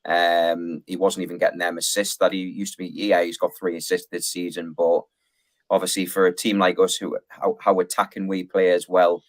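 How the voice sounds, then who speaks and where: A man's voice: deep voice, little pitch movement, normal speed. A man, a guest pundit, giving casual, rambling football opinions with plenty of fillers.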